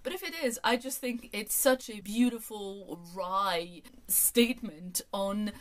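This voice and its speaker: A woman's voice: mid-range voice, unhurried. A woman in her thirties from France, her first language French, reading out tag questions and answering them in a chatty, enthusiastic way. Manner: chatty and enthusiastic, reads each question aloud. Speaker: book vlogger. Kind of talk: casual tag video answers.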